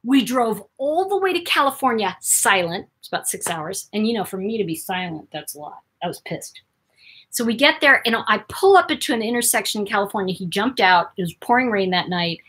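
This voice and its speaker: A woman hosting her own channel, telling a personal story to camera in an animated way, jumping between loud bursts and near-whispers. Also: mid-range voice, brisk, few pauses, husky. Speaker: host.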